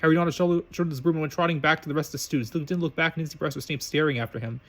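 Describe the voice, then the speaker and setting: Male amateur reader, quick, stumbling and self-correcting narration. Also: fairly high pitch, fairly even intonation. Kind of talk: reading fan fiction aloud.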